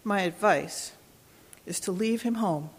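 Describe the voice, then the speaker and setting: A woman's voice: mid-range voice, takes it slowly, breathy edge. A woman voicing a bossy, disapproving aunt rabbit who speaks firmly and insistently in a storybook. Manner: firm, insistent.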